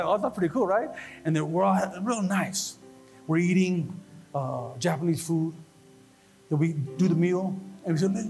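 A man preaching a sermon, telling a personal testimony in an animated storytelling way and building to fervent exhortation. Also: high voice. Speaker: pastor. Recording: long reverb with faint music behind.

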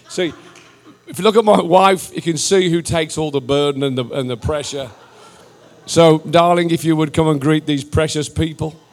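A man preaching to a church, joking and animated, laughing often and rising almost to a shout. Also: on the high side, moderate pace. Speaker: visiting missionary preacher. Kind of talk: sermon, casual and joking. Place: large church hall. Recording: live church hall with reverb and faint music.

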